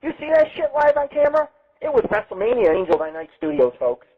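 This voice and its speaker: Husky, brash, foul-mouthed male show host. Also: very high voice, sing-song, fast. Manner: brash, boastful and heavily profane. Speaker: host of a live internet radio show. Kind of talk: rambling live webcast radio hosting. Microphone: webcam setup. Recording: tinny lo-fi phone-like sound.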